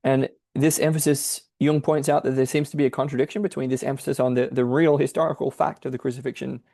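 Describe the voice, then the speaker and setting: A man's voice: mid-range voice, little pitch movement, quick pace, vocal fry, mellow, no room sound. A man thinking aloud as he explains a difficult text, in a searching, explanatory manner. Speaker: podcast host explaining a text. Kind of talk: exegetical commentary.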